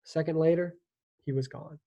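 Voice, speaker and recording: A teacher reading a children's historical novel aloud with lively, expressive storytelling. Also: medium pitch, a little fast, creaky, lo-fi sound.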